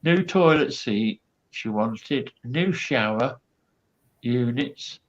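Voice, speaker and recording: A man's voice: mid-range voice, animated, extremely slow, dull audio. A man, a guest comedian, telling a rambling backstage anecdote full of quoted asides and fillers.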